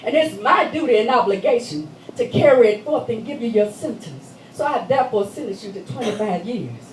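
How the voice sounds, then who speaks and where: A stern, unbending judge, played by a woman on a church stage, speaking formally and with deliberate weight. The high voice carries through a reverberant hall over faint background ambience. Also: expressive, a little hiss or hum, lightly acted. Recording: echoey hall, voice from a distance.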